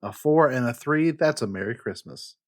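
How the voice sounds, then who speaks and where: A man's voice: medium pitch, lively intonation, normal speed. A man playing a tabletop game, chatting in a playful, jokey way. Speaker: player.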